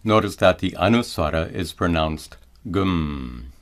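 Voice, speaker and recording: A man teaching mantra pronunciation in a careful scripted lesson, slowing down to chant each example. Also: low-pitched, lively intonation. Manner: slow, careful explanation with drawn-out chanted examples.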